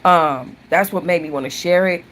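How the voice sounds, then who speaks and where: A woman's voice: fairly low pitch, normal speed, fairly bright tone, slight background noise. A woman hosting a casual live-stream book chat, chatty and prone to restarting sentences. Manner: chatty, restarts often, thanks viewers mid-sentence. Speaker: book channel host.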